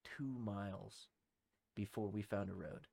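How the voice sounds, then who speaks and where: A man's voice: fairly low pitch, steady tone, unhurried, vocal fry, a crowd in the background. A young man, a podcast co-host and former Army private, telling a story in a casual, profane, rambling way and laughing through it.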